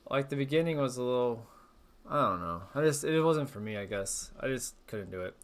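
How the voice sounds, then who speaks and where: A man's voice: medium pitch, lively intonation, brisk. A man in casual podcast chat, a little tipsy, rambling and joking as he trails off.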